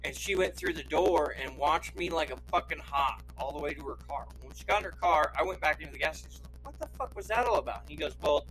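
A man's voice: a little high, quick pace, few pauses, sharp tone, poor audio. A man from Idaho telling a long story on a podcast, swearing often and laughing as he goes. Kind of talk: casual anecdote telling.

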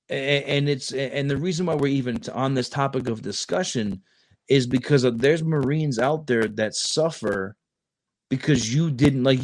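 A man's voice: medium pitch, no echo. A man talks in a loose, rambling way, stumbling over restarts and repeated words. He is a Marine recruiter chatting on a casual podcast, recorded close and dry with no room sound. His voice sits in an ordinary middle register. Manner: rambling, with many restarts and stammers.

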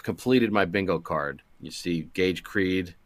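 Very deep-voiced man spinning absurd comic bits. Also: a little slow. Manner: absurd improvised storytelling, playful. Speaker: podcast co-host. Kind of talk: comedic movie-riff chat.

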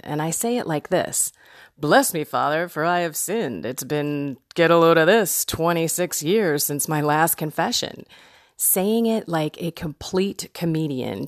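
Woman, low voice, dry close sound, chatty storyteller, podcast host. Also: no room sound. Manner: animated, chatty, laughs through the story. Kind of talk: personal storytelling.

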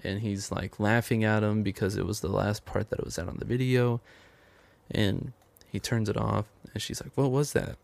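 Low gravelly man recapping a film. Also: little pitch movement, normal speed, a little mellow. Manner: rambling storytelling, quotes characters with "he's like". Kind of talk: casual film plot recap.

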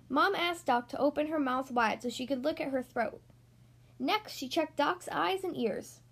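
A woman hosting a podcast, reading a picture book aloud to young kids in a gentle, friendly way. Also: sits high, expressive, measured pace. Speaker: children's book reader, podcast host.

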